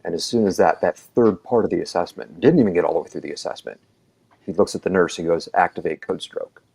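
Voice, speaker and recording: A man with a very low, deep voice tells a long story in a relaxed podcast chat. He rambles, restarts his sentences and fills the gaps with "um"s, then slips into the voices of the people in the story. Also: quick pace, gravelly, breathy edge. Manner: rambling, filler-heavy, acts out quoted dialogue. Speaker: EMT telling his story.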